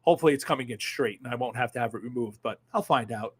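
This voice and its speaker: A livestream host in his fifties reads viewer comments aloud with sardonic, animated energy, lurching from mutters to loud outbursts and swearing freely. His voice is medium-pitched and slightly rough, and he talks fast with few pauses.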